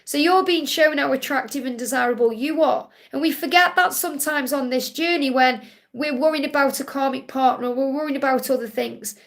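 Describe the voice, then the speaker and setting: A woman with a high voice hosts a live-stream card-reading session and answers viewers' questions one after another. She speaks in a soothing, reassuring way and circles back to the same comforting phrases again and again. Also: fairly quick, gravelly, a bit bright. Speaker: spiritual card reader hosting a live Q&A.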